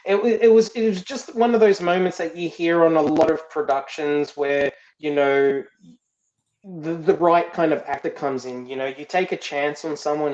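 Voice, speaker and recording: A film director appearing as a guest tells stories in a relaxed interview, frequently repeating words while he hunts for the right one. His voice is on the high side with a darkish tone, and the audio is roomy, dull and lo-fi.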